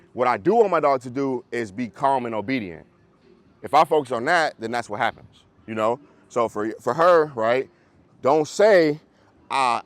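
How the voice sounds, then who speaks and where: A man's voice: medium pitch, no room sound. Man coaching dog owners over a call. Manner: conversational, keeps checking in with listeners. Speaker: dog trainer. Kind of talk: casual coaching in a group class.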